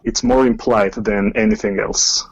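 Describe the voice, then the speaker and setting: A man's voice: on the low side, steady tone, measured pace, vocal fry. A man co-hosting a music podcast, speaking in an easygoing, hesitant way with many fillers. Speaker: podcast co-host. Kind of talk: casual music discussion. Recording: muffled lo-fi mic.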